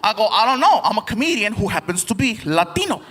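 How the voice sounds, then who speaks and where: High-voiced man doing animated stand-up. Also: fast talker, big-room sound. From United States. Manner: animated, playful, acts out voices. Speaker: stand-up comedian. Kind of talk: stand-up comedy set. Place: large theater with live audience. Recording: live stage recording with loud crowd.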